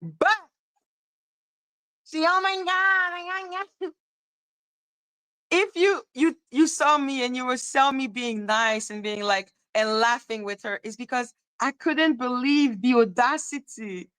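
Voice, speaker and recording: A woman hosting a livestream, talking straight to her chat in an animated, repetitive rant broken up by laughter. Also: fairly high pitch, unhurried, smooth, no room sound, low-quality recording. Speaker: livestream host.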